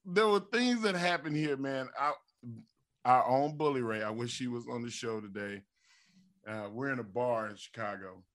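A middle-aged man, a former wrestler and show co-host, telling stories in a lively, casual way. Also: medium pitch, moderate pace. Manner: animated storyteller, acts out quotes with stammers and laughs. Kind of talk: casual storytelling.

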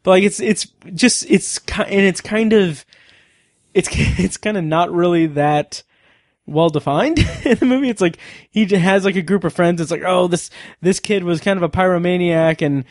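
A man's voice: sits high, normal speed, dry recording, studio quality. A man co-hosting a podcast in casual chat, rambling with lots of fillers and restarts. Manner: rambling, many fillers and restarts, laughs often. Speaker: podcast co-host.

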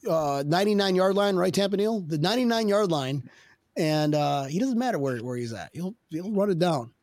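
A man hosting a casual sports podcast, jokey and quick to laugh. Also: sits high, lively intonation, a little mellow, no echo, clean studio sound. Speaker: podcast host.

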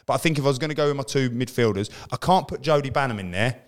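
Fast-talking British man telling stories. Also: mid-range voice. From Britain. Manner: animated storyteller who acts out teammates' lines. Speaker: podcast co-host, ex-footballer. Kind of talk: casual chat, anecdotes.

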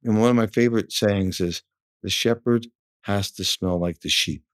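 A car dealership manager speaks frankly in a relaxed interview. His voice sits low, and he often repeats a word as he starts a sentence. The sound is dry and close, with no room echo. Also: moderate pace. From New York area. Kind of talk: casual interview talk.

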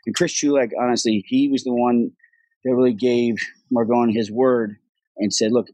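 A man being interviewed as an actor guest, telling stories in a casual, profane, animated way and acting out what others said. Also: medium pitch, normal speed, dry recording, low-quality recording.

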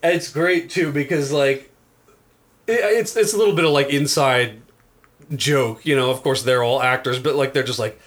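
A man's voice: mid-range voice, moderate pace, fairly bright tone. A man co-hosting a casual podcast, rambling through a movie recap with lots of fillers and frequent laughter. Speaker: podcast co-host. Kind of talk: casual movie-discussion chat.

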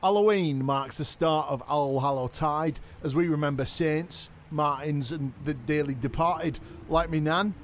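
A man playing a dim, boastful male wrestling champion in a comedy podcast sketch, blunt and excitable. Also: a little high, a little slow, slight background noise, lightly acted.

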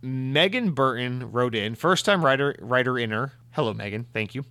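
Profane, animated man ranting. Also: medium pitch, normal speed, dry recording. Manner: animated, profane, exasperated ranting with mock voices. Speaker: show host answering listener mail. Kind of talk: casual ranting commentary.

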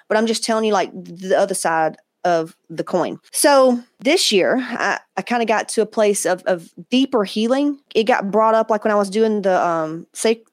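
A woman's voice: mid-range voice, no echo. Frank, profane woman host, dry close sound. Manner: candid, profane, animated, quoting others in asides. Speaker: podcast host. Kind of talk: casual storytelling monologue.

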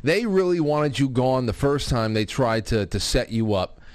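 A man's voice: medium pitch, animated, dry recording. A man co-hosting a talk show who asks questions and spins theories, often stammering and restarting. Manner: halting, speculative, stammering. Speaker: co-host. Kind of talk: casual chat.

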